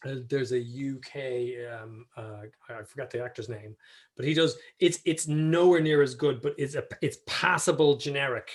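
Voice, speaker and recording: A man co-hosting a casual podcast, rambling with plenty of halting restarts. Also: medium pitch, steady tone. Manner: rambling, halting, lots of fillers. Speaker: podcast co-host. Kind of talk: casual chat.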